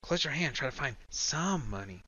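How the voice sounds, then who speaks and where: Bright, bouncy, teasing young woman played by a male narrator for an audiobook. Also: fairly high pitch, big pitch swings, fairly quick, dry recording, dull audio, voice pushed up, heavily acted. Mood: stern. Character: young woman coin holder, bold, teasing.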